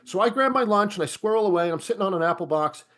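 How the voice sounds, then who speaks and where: A man with a notably high speaking voice spins anecdotes as a podcast guest. He talks loosely and casually, peppered with "like" and "you know". He jumps up even higher when he acts out what others said. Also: racing. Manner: animated, acts out other people's lines in jumped-up voices. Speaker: guest comedy writer. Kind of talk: anecdotal storytelling in a podcast interview.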